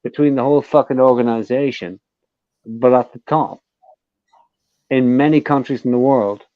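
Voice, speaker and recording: A man's voice: medium pitch, normal speed, dry recording, highs cut off. An Irish man hosting a casual live chat, blunt and emphatic with heavy swearing. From Ireland.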